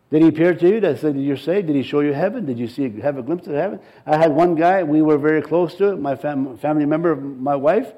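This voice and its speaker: A man's voice: fairly high pitch, muffled recording. A middle-aged male pastor preaching a sermon, emphatic and repetitive, building in intensity as he presses his points.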